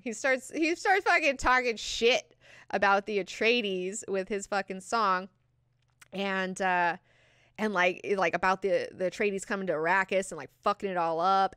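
Animated, profane woman recapping a book. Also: medium pitch, clear, resonant tone, no room sound, studio quality. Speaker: book club host.

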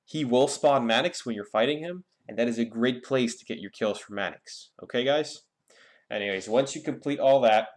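A young man giving a casual, rambling game guide with many fillers and restarts. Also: fairly low pitch. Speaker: gaming YouTuber.

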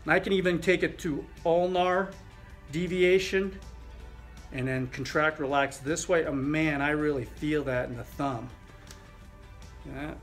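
Higher-voiced male chiropractor demonstrating exercise. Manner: relaxed, talks through the movement with fillers.

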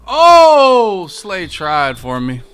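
Young guy streaming his football game, fired up and trash talking, pretty bright voice, a little music under it. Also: mid-range voice, normal speed. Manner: trash-talking, excitable, slangy. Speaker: gaming streamer. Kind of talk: live gameplay commentary.

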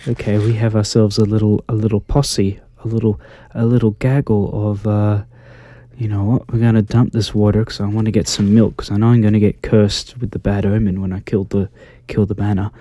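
A man giving soft-spoken ASMR gameplay commentary, gentle and easily flustered, full of quaint little exclamations. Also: fairly low pitch, level tone, fairly quick, dry recording. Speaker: gaming YouTuber.

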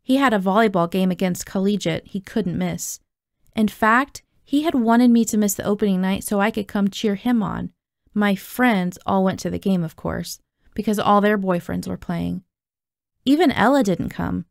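Gravelly-voiced woman reading a novel. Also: mid-range voice, normal speed, no echo, studio quality. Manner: expressive first-person narration. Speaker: audiobook reader.

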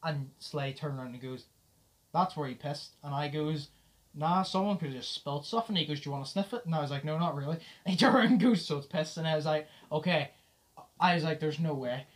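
A young man with a slightly high voice tells a story in casual podcast chat. He acts out every back-and-forth line of dialogue with plenty of energy. He swears freely and laughs as he talks. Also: a little fast. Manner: animated retelling, acts out the dialogue. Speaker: podcast host.

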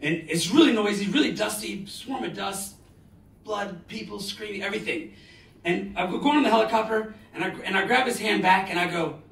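A man in his forties giving a live motivational talk, telling stories dramatically with bursts of loud emphasis. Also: high voice, brisk. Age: 40s. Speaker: motivational speaker. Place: large lecture hall. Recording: roomy hall, distant mic.

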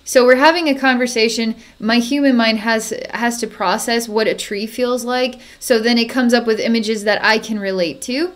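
A woman psychic narrating a distance energy healing in a halting way, with frequent fillers and soft chuckles. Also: a little high, fairly even intonation. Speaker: psychic healer.

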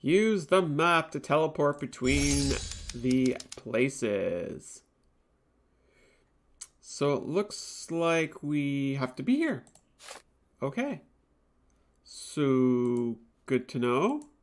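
A man's voice: medium pitch, sing-song, very slow, pauses often. A man hosting a live game stream, chatting with viewers and reacting aloud to the game, laughing easily. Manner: chats with viewers about snacks and drinks. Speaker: let's play host. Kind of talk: live-streamed gameplay commentary.

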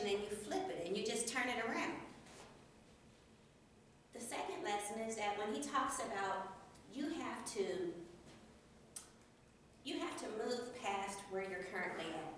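A woman giving an energetic motivational speech at a speaking club, laughing often and repeating phrases for emphasis. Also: on the high side, moderate pace, long pauses, a little hiss or hum. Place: meeting room. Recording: very echoey room from far off.

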